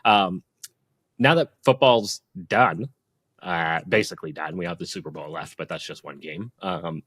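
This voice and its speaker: A man's voice: deep voice, normal speed, a bit bright, breathy edge, no echo. A man co-hosting a podcast who reacts with enthusiastic, supportive interjections and casual swearing. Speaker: podcast co-host. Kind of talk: casual chat.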